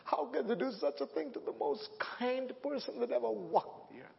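A middle-aged man preaching a sermon as guest preacher, telling a personal story with emotion and building to loud proclamations, on a church microphone. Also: very high-pitched, lively intonation, moderate pace, gravelly. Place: church sanctuary. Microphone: handheld or stand microphone. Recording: dull sound with long hall reverb.

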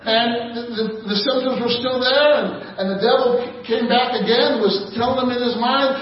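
A man preaching a sermon, leading call and response with laughter and rising shouts. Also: very high voice, moderate pace. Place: large church hall. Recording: echoey hall from far off, dull sound.

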